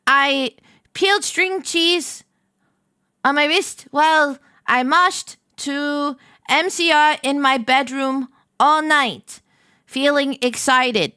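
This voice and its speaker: A woman streamer reading fan fiction aloud in a deadpan comedic voice that keeps breaking into laughter. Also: high voice, dry recording, clean studio sound. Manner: reads deadpan, then breaks into shrieking laughter.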